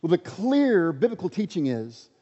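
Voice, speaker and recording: A man's voice: sits high, very animated, normal speed, warm tone. Man preaching in a reverberant hall. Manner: reads scripture aloud, rising to emphatic repetition. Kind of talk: sermon. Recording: muffled sound with long hall reverb.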